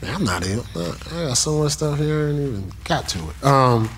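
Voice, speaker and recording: Man, pastor, sermon, lively swinging pitch, slow scripture reading. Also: a little hiss or hum. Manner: animated, talks straight to the congregation with questions; reads scripture aloud slowly.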